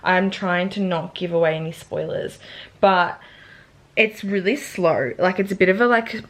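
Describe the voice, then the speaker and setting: A young woman chats to camera about a novel, rambling and casual, dropping "like" constantly and cursing without a second thought. Her voice sits a little low for a woman, and she talks loosely and unscripted. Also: measured pace. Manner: chatty, fills speech with "like", swears freely. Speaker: book vlogger. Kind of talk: casual vlog chat about a book.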